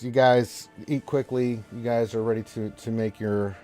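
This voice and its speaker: A man's voice: on the low side, steady tone, unhurried, hardly any pauses, mellow, faint music behind. Rambling man running a tabletop game. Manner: rambling, joking, self-interrupting. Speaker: game master.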